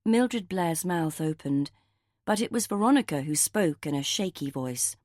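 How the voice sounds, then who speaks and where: A woman narrating a cozy mystery audiobook in a measured, even storytelling manner. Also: low voice, no room sound, clean studio sound.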